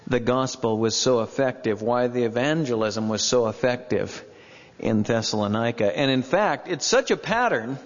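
Slow, emphatic preaching man in a church. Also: on the high side, big-room sound, highs cut off. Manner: emphatic preaching with long pauses and rising stresses. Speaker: pastor. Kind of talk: sermon.

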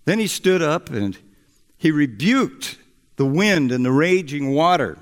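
Male preacher, sermon, slow lively storytelling, echoey hall. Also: fairly high pitch.

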